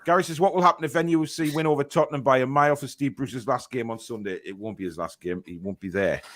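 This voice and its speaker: Man, young adult, podcast host, chatty, reads chat comments aloud, mid-pitched voice. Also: quick pace, fairly bright tone. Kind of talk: casual fan-podcast chat.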